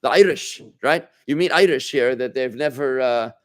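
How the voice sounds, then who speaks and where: A man's voice: medium pitch, normal speed. Rabbi guy teaching a small class, chatty, keeps asking the room stuff, restarts his sentences a lot. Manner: conversational, asks the room questions, many restarts. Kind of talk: informal Torah class.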